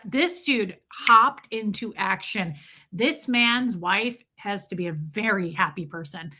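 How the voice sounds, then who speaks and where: A woman hosting a casual livestream, telling animated stories and greeting viewers by name. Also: medium pitch, slow. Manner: animated storytelling, reads out viewer names. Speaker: livestream host.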